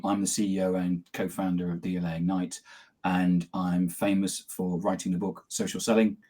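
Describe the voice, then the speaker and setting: A man co-hosting a business talk show, introducing himself in a relaxed way with frequent ums. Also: deep voice, husky. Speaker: co-host, CEO. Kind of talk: casual self-introduction.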